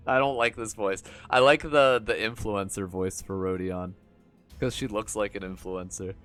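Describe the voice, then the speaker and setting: A man's voice: lowish voice, fairly even intonation, moderate pace, a bit bright, faint music behind. A man streaming a story game, chatting casually and jokingly, laughing at the story as he reads it aloud. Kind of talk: casual gameplay commentary and reading aloud.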